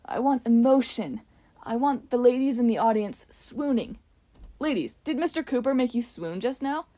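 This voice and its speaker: A cheeky boy playing film director, as a woman reading a storybook puts him on. He barks orders imperiously and theatrically, pitched a little higher and louder than the narration. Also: expressive, normal speed. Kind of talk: audiobook character voice.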